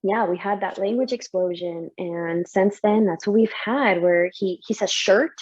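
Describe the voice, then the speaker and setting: Emotional young mother with a mellow voice. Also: medium pitch, normal speed, husky, lo-fi sound. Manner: emotional, lively, laughs often. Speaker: interviewee, mother. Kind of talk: candid personal story.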